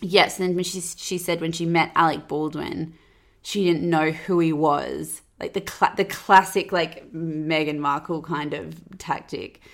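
A woman's voice: deep voice, fairly even intonation, measured pace, vocal fry. A woman hosting a podcast, chatting sarcastically and filling her talk with "like". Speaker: podcast host. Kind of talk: casual gossip chat.

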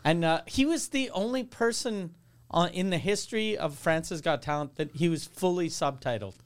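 Man, podcast host, smooth and clear, high-set voice, rambling anecdotal delivery. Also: lively intonation, normal speed. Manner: rambling anecdotes with filler words. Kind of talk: casual chat.

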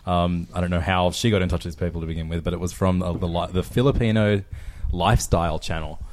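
Deep-voiced man, dry humor. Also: fairly even intonation, fast, darkish tone, slight background noise. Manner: dry, self-deprecating humor. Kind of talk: casual chat.

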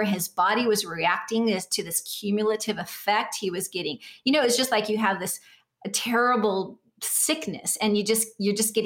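A woman's voice: medium pitch, fairly bright tone. A woman guest recounting her husband's illness in conversational storytelling, quoting others as she goes. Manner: conversational, quotes others, quickens when emphatic. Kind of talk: testimony storytelling.

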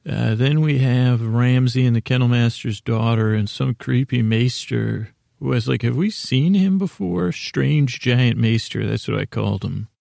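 Man with a very gravelly voice. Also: medium pitch, fairly even intonation, measured pace, few pauses, a little mellow, dry recording, clean studio sound. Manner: rambling, self-interrupting, reading from notes. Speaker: podcast host. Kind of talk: casual episode recap.

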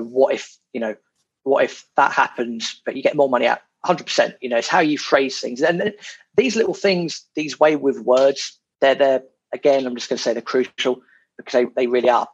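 A man's voice: medium pitch, creaky, husky. A man, a guest on a podcast, chatting casually and animatedly about property, swearing now and then and repeating his words. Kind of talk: casual interview chat. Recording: dull lo-fi sound.

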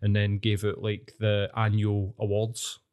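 A man's voice: lowish voice, unhurried, smooth. Sweary Glasgow man ranting on a podcast. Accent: Scottish, Glasgow. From Scotland. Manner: animated, swears constantly, rants. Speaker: podcast co-host. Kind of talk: casual sweary podcast chat.

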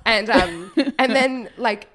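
A woman telling a story in casual chat, animated and laughing, swearing freely. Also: mid-range voice, slow.

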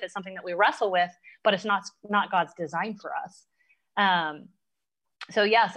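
A woman hosting a live online chat, talking in an earnest, halting way with many fillers. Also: fairly low pitch, fairly bright tone. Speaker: host. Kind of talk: casual live-stream chat.

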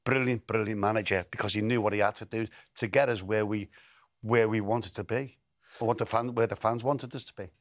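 In a relaxed storytelling interview, an ex-footballer of advanced age recounts football tales in a fairly low, steady voice, talking a little fast. Repeated and restarted words come up often. There's no room sound, and the studio audio is clean.

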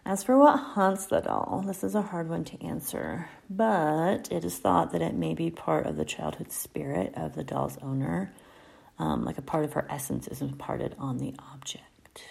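A woman hosting a casual podcast, telling creepy stories in a laid-back, chatty way and sometimes dropping into a soft whisper. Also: deep voice, fairly even intonation, normal speed, creaky. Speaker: podcast host.

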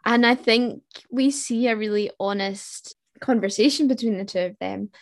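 A woman's voice: on the high side, moderate pace. A woman co-hosting a podcast, talking through a TV show in casual chat with thoughtful restarts. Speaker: podcast co-host.

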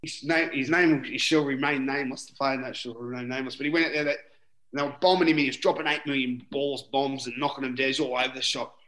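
A man's voice: medium pitch, fairly even intonation, quick pace, a bit bright. A middle-aged Australian man, a former rugby league player, telling rambling stories in a casual interview, full of "you know" and the odd swear. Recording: roomy echoing room.

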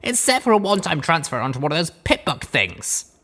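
A man's voice: a little high, very animated, fairly quick, bright, forceful tone, pitched above the performer's own voice, exaggerated voice. A man reading an audiobook, voicing a tough young female pony heroine who speaks in a level, wry way. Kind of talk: audiobook character voice.

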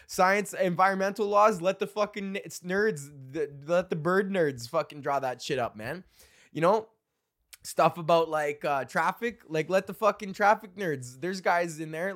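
Profane rambling man, higher pitch. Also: a bit bright. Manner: profane, rambling, laughs at own jokes. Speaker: comedian podcast host. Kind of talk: solo comedy podcast, reading old jokes.

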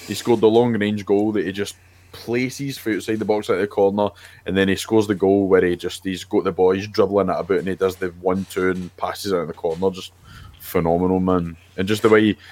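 A man's voice: lowish voice, darkish tone. A Scottish man on a podcast panel, talking in a rambling way with lots of restarts. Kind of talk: casual chat.

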